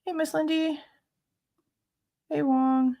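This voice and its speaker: A woman's voice: high voice, flat delivery, takes it slowly, vocal fry, mellow. A woman hosting a casual livestream, chatting with viewers and greeting them by name, laughing often. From Ohio. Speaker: livestream host.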